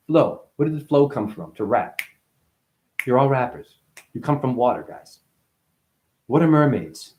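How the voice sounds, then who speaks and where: A man giving a rambling, profane spiritual talk as a teacher, now and then breaking into sudden high yelps and exclamations. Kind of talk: animated spiritual monologue.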